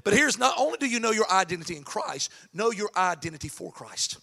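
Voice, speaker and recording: A man preaching a lively sermon, swinging from shouted, chanted lines to soft asides. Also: sits high, a little fast, vocal fry. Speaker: pastor. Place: church sanctuary.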